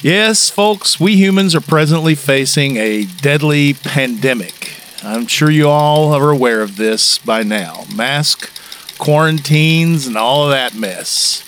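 A man's voice: a little high, lively intonation, slow pace, a bit bright, a little hiss or hum. A man with a Southern US accent co-hosting a casual podcast, with a playful, folksy delivery. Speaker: podcast co-host. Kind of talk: casual chat.

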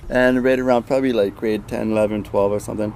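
A man chatting casually in an interview, recalling things quickly with many "likes". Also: fairly low pitch, steady tone, gravelly, darkish tone, slight background noise. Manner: quick, filler-laden recollection.

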